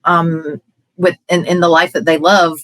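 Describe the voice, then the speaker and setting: A woman's voice: fairly low pitch, flat delivery, measured pace, fairly bright tone, no echo, poor audio. A woman coach in a podcast conversation, earnest and talking in long, flowing run-on sentences.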